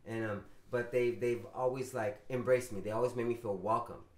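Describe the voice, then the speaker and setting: A man speaking hesitantly on a podcast, halting often and filling the pauses with "um" and "you know". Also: mid-range voice, steady tone, roomy sound. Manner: hesitant, halting, many fillers. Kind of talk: candid podcast conversation.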